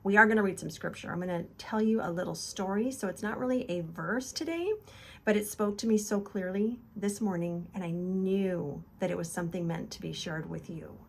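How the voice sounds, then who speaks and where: A woman's voice: medium pitch, brisk, gravelly. A woman hosting a casual devotional talk, earnest and encouraging, retelling scripture in loose conversational words. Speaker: devotional video host.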